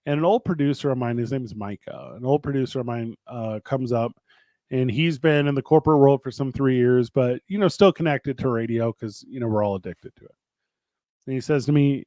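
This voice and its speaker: A man's voice: mid-range voice, fairly quick, no room sound. A man in his thirties, co-host of a talk show, telling stories casually and acting out both sides of conversations with frequent laughs. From St. Louis area, Missouri. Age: 30s. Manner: chatty storyteller, acts out both sides of dialogue, laughs often. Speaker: podcast co-host and wrestling promotion co-owner. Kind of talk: casual chat.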